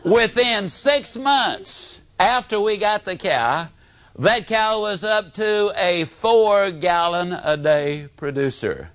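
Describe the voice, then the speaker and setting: A man giving a motivational talk, telling homespun stories and swinging from booming emphasis to hushed tones. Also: animated, slow pace, dry recording. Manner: folksy storyteller, swooping from booming to hushed. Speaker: motivational speaker.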